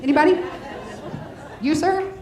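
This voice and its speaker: Brash, high-pitched middle-aged woman comic doing a bawdy club set, echoey room. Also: normal speed, recorded from a distance, crowd noise. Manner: bawdy, brash punchline delivery. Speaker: stand-up comedian. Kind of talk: stand-up comedy set. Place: comedy club stage. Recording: echoey club with faint noise.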